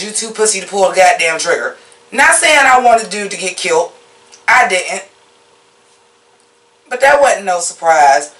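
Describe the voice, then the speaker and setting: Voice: medium pitch, far from the mic. Blunt, profane TV reviewer in an echoey room. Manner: animated, mocking. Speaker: TV episode reviewer. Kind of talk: casual recap and review.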